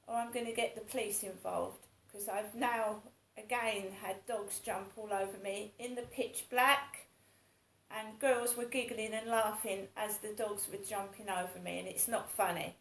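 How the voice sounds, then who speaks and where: A woman's voice: mid-range voice, steady tone, a little slow, vocal fry, fairly bright tone, roomy sound, slight background noise, low-quality recording. A woman in her fifties talking in a casual monologue, rambling and repeating herself in an aggrieved way. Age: 50s. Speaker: vlogger.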